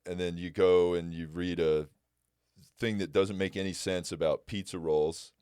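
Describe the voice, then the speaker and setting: A young man telling stories in a casual podcast chat, laid-back, with animated quoted voices. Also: low voice, normal speed, clear, resonant tone, dry recording, studio quality. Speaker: guest comedian.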